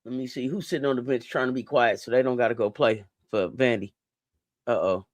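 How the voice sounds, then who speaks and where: A woman hosting a live basketball watch-along, reacting out loud and talking straight to the players. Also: rumbling low, brisk, no echo. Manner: exclamatory, talks straight to the players. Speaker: sports watch-along host. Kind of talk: live game reaction commentary.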